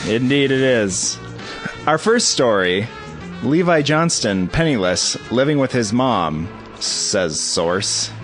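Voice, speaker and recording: A man's voice: medium pitch, big pitch swings, slow pace, a bit bright, soft background music. A man co-hosting a podcast in casual chat, reacting with short interjections and wry comments. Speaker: podcast co-host.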